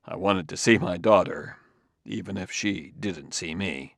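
A man's voice: sits low, unhurried, vocal fry, no room sound, studio quality, full character voice. A man reading an audiobook, voicing a polite older male scientist who speaks formally and apologetically. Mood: apologetic.

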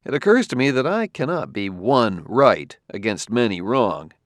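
A man voicing a wary male detective who talks crisply and gives orders. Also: medium pitch, big pitch swings, normal speed, no room sound, studio quality, close to an everyday voice. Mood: commanding. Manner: sharp, giving crisp orders.

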